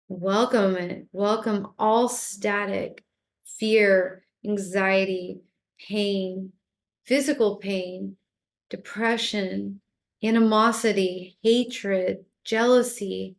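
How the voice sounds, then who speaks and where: Woman talking people thru a meditation, calm and gentle, repeats stuff, middle pitch. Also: creaky. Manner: calm, repetitive, gently coaxing. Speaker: spiritual teacher. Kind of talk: guided meditation talk.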